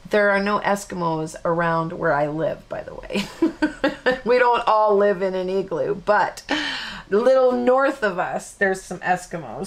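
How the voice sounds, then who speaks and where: A woman's voice: mid-range voice, animated, a little slow. Chatty woman crafting on stream. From Canada. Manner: rambling, self-interrupting, laughs easily. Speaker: card-making tutorial host. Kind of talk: casual chatty live tutorial.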